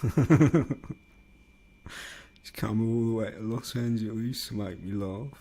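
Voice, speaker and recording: A man with a Liverpool accent putting on the drawn-out announcer delivery of a male radio DJ. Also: on the low side, fairly even intonation, warm tone. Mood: announcing. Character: smooth-talking male radio DJ, slow and showy. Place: home studio in a block of flats.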